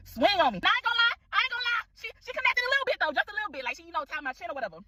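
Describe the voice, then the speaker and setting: A woman telling a story to the camera in animated casual chat, calling out to viewers. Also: high voice, racing, few pauses, no echo, rough recording. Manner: animated, exclaiming, addresses viewers as y'all.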